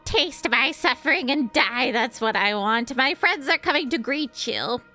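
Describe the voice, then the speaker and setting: A vengeful drowned ghost girl, voiced by a woman reading a game aloud, hissing slow curses in a raised, pointed tone. Soft game music runs behind her. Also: high voice, animated, full character voice. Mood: menacing.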